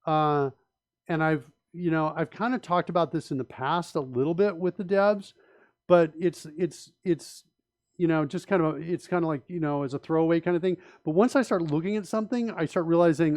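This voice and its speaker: A man with a fairly high voice hosts a live coding stream. He talks through his ideas emphatically and with strong opinions, often restarting his sentences and asking rhetorical questions. His voice sounds dry and close, with little room sound. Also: a little fast, darkish tone, dry recording. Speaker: host and software developer.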